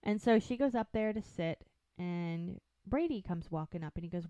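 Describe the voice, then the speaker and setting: A woman co-host on a podcast talks in a lowish voice; the audio is dull and echo-free. She casually recaps an episode in an animated way, acting out what the characters say in quick quotes.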